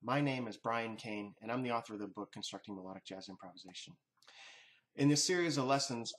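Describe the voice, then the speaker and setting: A man's voice: fairly low pitch, a bit bright. A man teaching jazz improvisation, explaining each step in a patient, methodical way. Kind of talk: instructional lesson narration.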